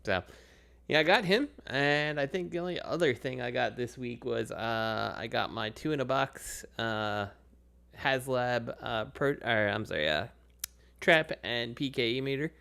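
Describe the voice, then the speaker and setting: A man's voice: mid-range voice, a little slow, gravelly, bright, forceful tone, smooth. A man co-hosting a podcast in casual chat, rambling with plenty of fillers and laughing easily. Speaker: podcast co-host.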